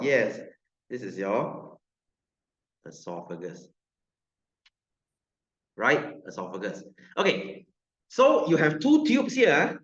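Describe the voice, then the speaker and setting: Joking Malaysian science teacher in a classroom. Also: male voice, a little high, unhurried. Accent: Malaysian English. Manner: lively, joking, repeats himself, tosses questions at students. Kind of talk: classroom lecture. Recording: roomy classroom, dull lo-fi sound.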